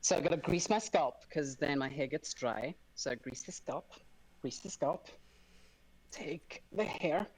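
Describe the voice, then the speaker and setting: A man's voice: fairly high pitch, unhurried, husky, low-quality recording. A man, a guest on a live stream, chatting casually and animatedly while showing how he does his hair. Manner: animated, laughing storyteller. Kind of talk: casual chat.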